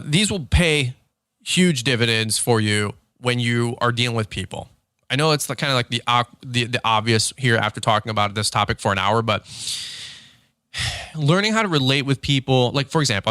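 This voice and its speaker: A middle-aged man hosts a podcast with a blunt, fired-up delivery. He leans hard on repeated phrases and acts out the voices of people he quotes. His voice is bright and forceful, recorded dry and close to the mic. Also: mid-range voice, no echo. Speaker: podcast host, lawn care business owner. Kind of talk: energetic motivational podcast talk.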